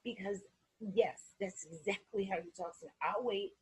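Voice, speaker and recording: A woman hosts a candid conversation in a very breathy, husky voice. She talks in an animated way and laughs easily. The sound is dry, with no room echo. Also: mid-range voice, normal speed. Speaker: interview host.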